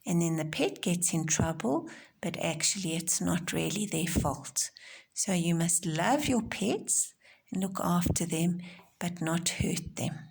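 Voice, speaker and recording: A woman teacher giving a recorded home-learning lesson to young children, explaining gently and simply. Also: lowish voice, expressive, a little slow, vocal fry, a little hiss or hum. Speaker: primary school teacher.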